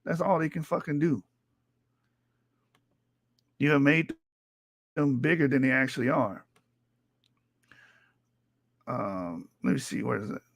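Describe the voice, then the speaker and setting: This livestream host has a mid-range, slightly rough and creaky voice, speaking slowly with frequent pauses. He reads textbook passages and then argues with them combatively, swearing and escalating. His streaming mic yields clean studio sound with no room noise.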